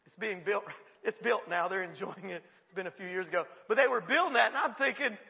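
A man preaches with a high, gravelly, bright voice. He tells a funny story in an animated way and often breaks into laughter mid-sentence. The long reverb of a large hall trails behind his words. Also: a little fast. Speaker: pastor. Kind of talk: sermon with humorous storytelling.

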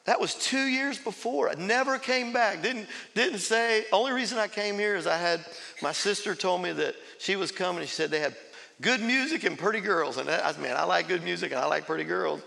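A man preaches his testimony to a congregation, breaking into laughter and acting out voices as he goes. His voice sits a little high, with a bright, gravelly edge. It carries through the long reverb of a big church sanctuary. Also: fairly quick. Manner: storytelling with laughs and acted quotes. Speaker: pastor. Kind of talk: sermon testimony.

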